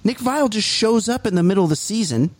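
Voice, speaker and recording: A man co-hosts a comedy podcast, ranting and acting out others in mocking little quotes. His voice sits high and jumps around a great deal. The sound is dry and close, with no room behind it. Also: expressive, a little fast, no room sound. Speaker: podcast co-host. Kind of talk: casual comedic chat.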